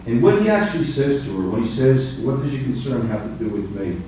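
A man preaching a sermon. He drops to soft, low musings, then climbs to high, emphatic passages. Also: very animated, a little fast, slight background noise. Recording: echoey room, distant mic.

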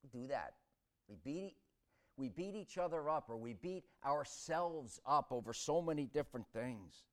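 Male preacher, animated and dramatic, a bit high-pitched, swings from quiet to shouting. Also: normal speed. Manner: swings between hushed reflection and loud shouting; dramatic storytelling delivery. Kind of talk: sermon.

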